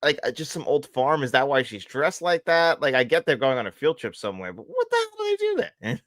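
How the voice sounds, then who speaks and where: A man's voice: on the high side, huge pitch swings, fairly quick, a bit bright, no room sound. Laughing man on a casual chat show. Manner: laughs often, acts out film quotes. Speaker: co-host.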